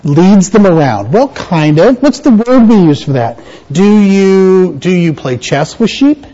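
A man's voice: sits high, lively intonation, measured pace, dark tone, muffled recording. A man pastor giving a playful children's sermon in a church, quizzing the kids with questions.

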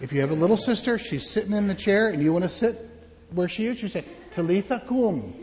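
Animated pastor telling children a story. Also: male voice, high voice, a little fast, in a large hall, dull audio, some chatter behind. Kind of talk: children's sermon. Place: church.

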